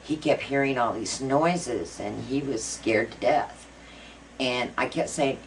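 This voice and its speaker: Very low-voiced woman recounting a ghost story. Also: slow, slight background noise. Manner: earnest storytelling, many fillers. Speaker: interviewee. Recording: voice a bit far from mic, faint music.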